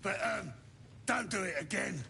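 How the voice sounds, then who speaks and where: A man voicing a gruff, wary male goblin guard who gives sly, bossy warnings. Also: sits high, expressive, a little slow, sharp tone, a little hiss or hum, heavily acted.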